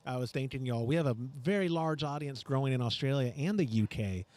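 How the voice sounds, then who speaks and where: A man's voice: mid-range voice, a little fast, a little mellow, no room sound. A man hosting a homebrewing podcast in casual, joking, rambling chat. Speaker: podcast host. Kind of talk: casual live-stream chat.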